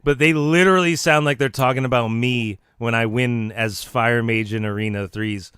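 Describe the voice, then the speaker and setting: A man holds forth on a live stream in a playful, mock-serious lecturing tone, often stopping and restarting his sentences. His voice sounds smooth and clear, and it is picked up dry and close on a desk mic. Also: medium pitch, steady tone, normal speed, fairly bright tone, no echo. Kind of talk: casual live stream rambling.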